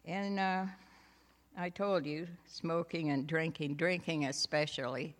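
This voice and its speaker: A woman gives her faith testimony, telling her story slowly and taking her time. She talks in a homey, unhurried way, with light laughs and asides mixed in. Her voice rings out with a long reverb, as in a large hall. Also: low-pitched, fairly even intonation. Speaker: church speaker giving a testimony.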